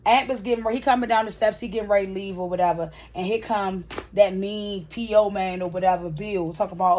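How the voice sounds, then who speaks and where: A woman's voice: medium pitch, fairly even intonation, a little fast, few pauses, darkish tone. Woman chatting through a show recap. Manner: chatty retelling with asides. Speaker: vlogger recapping a TV episode. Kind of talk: casual episode recap.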